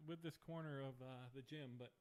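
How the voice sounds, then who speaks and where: A man co-commentates a ninja competition live, describing obstacles in a laid-back way. His humor is dry, and his voice sits at an ordinary middle pitch. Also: fairly even intonation, moderate pace, clear, resonant tone.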